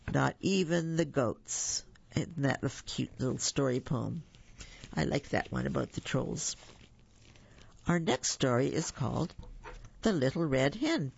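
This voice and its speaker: A storyteller reading children's stories aloud, with gentle chatty asides to the listeners. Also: medium pitch, gravelly, slightly rough. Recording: muffled lo-fi recording.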